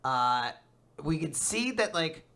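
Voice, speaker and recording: A podcast host tells a manga recap in a casual, animated way, swearing freely along the way. The voice sits at a middling pitch. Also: takes it slowly, vocal fry.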